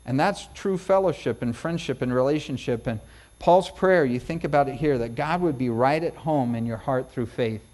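A middle-aged male pastor preaching a sermon in a folksy, conversational way, building to emphatic peaks. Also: on the high side.

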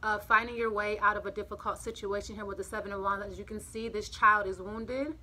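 A woman's voice: mid-range voice, fairly even intonation, fairly quick, bright, forceful tone. A woman who is out of breath gives a casual, rambling tarot reading to camera from the front room of her home. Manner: rambling, chatty, repeats herself. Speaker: tarot reader. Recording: home recording with clear street noise. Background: street noise, passing cars.

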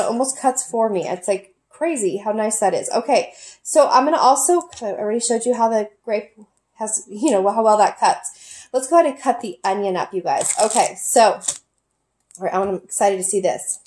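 A woman with a fairly high voice talks through a casual product review vlog. She gushes with excitement and fills her sentences with "um" and "like". She is recording at home, in her kitchen. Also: moderate pace. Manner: gushing, enthusiastic, many fillers.

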